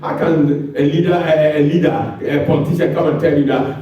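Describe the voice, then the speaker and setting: A man's voice: fairly high pitch, moderate pace, few pauses, dull audio, crowd noise. A man with a Ghanaian accent giving a public lecture, impassioned and firing rhetorical questions at the audience. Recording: very echoey room, mic far off.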